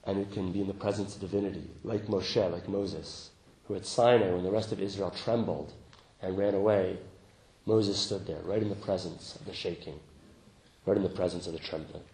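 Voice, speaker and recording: A man teaching meditation to a group, speaking gently, laughing often, and growing lively when he tells a story. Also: sits low, normal speed, reverberant, low-quality recording. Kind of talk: dharma talk.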